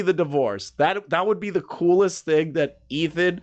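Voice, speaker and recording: A man's voice: brisk, few pauses, highs cut off, faint music behind. Profane, mocking male reaction streamer. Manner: mocking, profane and rambling, with sudden loud jumps in pitch. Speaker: commentary streamer reacting to a video. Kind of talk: casual reaction commentary.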